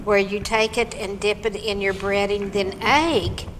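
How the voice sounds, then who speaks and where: A woman's voice: medium pitch, steady tone, measured pace. A middle-aged woman, co-hosting a cooking show, explaining recipes step by step in casual chat over dinner. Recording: reverberant room with background noise.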